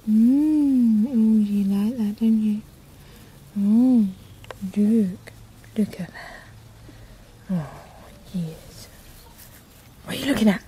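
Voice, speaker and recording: A woman's voice: mid-range voice, takes it slowly, pauses often, mellow, breathy edge. A woman filming her cat in a garden, cooing and teasing him in affectionate baby talk. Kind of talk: casual baby talk to a pet. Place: garden, outdoors.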